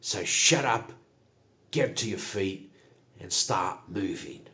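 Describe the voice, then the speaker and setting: A man's voice: sits low, slow pace, sharp tone, exaggerated voice. A man doing a curt, menacing goblin rogue woman. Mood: threatening. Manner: curt, threatening. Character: cunning, contemptuous female goblin rogue. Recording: echoey room.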